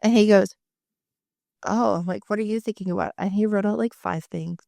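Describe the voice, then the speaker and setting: A woman's voice: medium pitch, steady tone, moderate pace, gravelly, mellow, dry recording, clean studio sound. A woman in her thirties co-hosting a podcast, chatting casually, swearing freely and acting out the lines of people she quotes. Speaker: podcast co-host. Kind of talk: casual chat.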